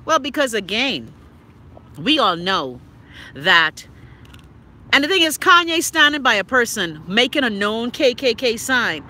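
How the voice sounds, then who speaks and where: A woman's voice: on the high side, very animated, a little slow, bright, forceful tone. A woman from the Bahamas with a Bahamian accent, giving blunt, profane political commentary live to her viewers and answering their comments by name. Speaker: live-stream host. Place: outdoors near trees and traffic.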